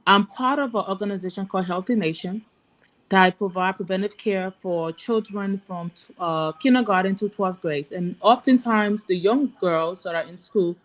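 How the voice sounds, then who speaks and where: A woman's voice: medium pitch, normal speed. A woman from Liberia, a guest on a video call talk show, making an urgent, rallying appeal to her compatriots.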